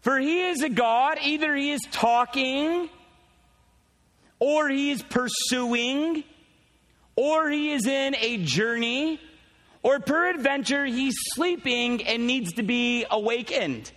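A preacher putting on a taunting prophet. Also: male voice, very high voice, slow, fairly bright tone, long reverb tail, voice pushed up, exaggerated voice. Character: mocking male prophet taunting rivals.

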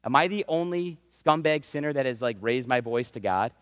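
A man's voice: mid-range voice, animated, moderate pace, a bit bright, dry recording, clean studio sound, long reverb tail. A man preaching a sermon in a conversational way, sometimes acting out prayers and what God says. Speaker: pastor.

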